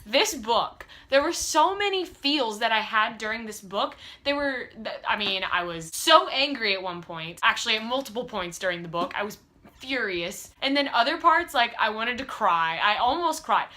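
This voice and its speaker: A young woman casually reviewing a book from her room, gushing and rambling with lots of "like" and quick restarts. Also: a little high, lively intonation, bright, forceful tone. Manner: bubbly, gushing, filler-heavy with lots of "like".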